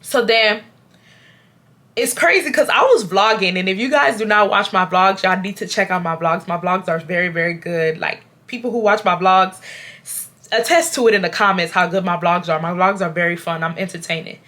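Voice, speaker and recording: A woman in her twenties from Houston, Texas, telling a storytime to camera in an animated, casual way and often calling her viewers "y'all". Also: medium pitch, normal speed. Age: 20s. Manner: animated, addresses viewers as "y'all", acts out quotes.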